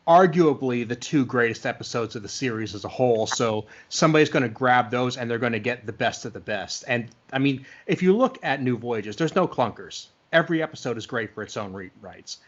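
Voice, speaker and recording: Man, podcast host, enthusiastic casual chat, mid-pitched voice, dull lo-fi audio. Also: a bit bright.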